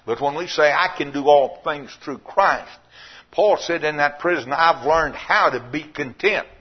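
A man preaching a sermon, telling folksy stories and rising to loud, emphatic points. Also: fairly high pitch, unhurried, breathy edge, muffled recording.

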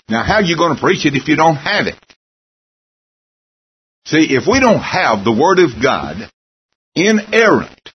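A male preacher delivering a sermon with a husky, slightly raspy voice. He talks in a folksy, emphatic way and drops in wry asides. The recording sounds dull and lo-fi. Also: mid-range voice.

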